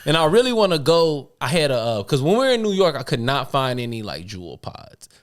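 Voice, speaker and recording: A young man with a Chicago accent telling a long story on a podcast, animated, laughing often and acting out the other people's voices. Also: mid-range voice, fairly quick. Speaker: podcast co-host. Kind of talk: casual storytelling.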